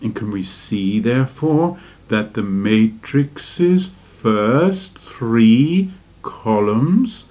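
A man teaches a spiritual lesson at a very unhurried pace, dwelling on each phrase. His voice sits in an ordinary middle range. He keeps turning to his listeners with gentle rhetorical questions. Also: medium pitch, lively intonation. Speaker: religious teacher. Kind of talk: slow spiritual lecture.

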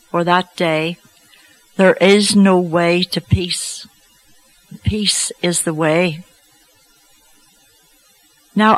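A woman telling a personal faith story to an audience, slow and reflective with gentle humour. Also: sits low, rough recording. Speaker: speaker giving a faith testimony.

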